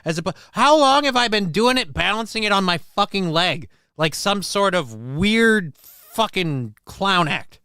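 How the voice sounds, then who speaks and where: Male livestream host, mid pitch, smooth and dry, rambling and profane, self-mocking. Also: lively intonation, a little slow, bright, forceful tone, no room sound. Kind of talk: casual livestream chat.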